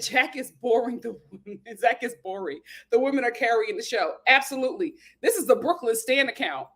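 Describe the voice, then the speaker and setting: A woman hosting a casual live stream, greeting viewers by name and reading their comments aloud with sassy, lively chatter. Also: a little high. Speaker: host of a live show. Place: home in Los Angeles.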